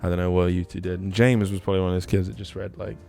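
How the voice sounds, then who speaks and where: Male podcast co-host, lowish voice, teasing banter. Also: little pitch movement, very fast, vocal fry, warm tone, soft background music. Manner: teasing, laughs often. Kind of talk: casual chat.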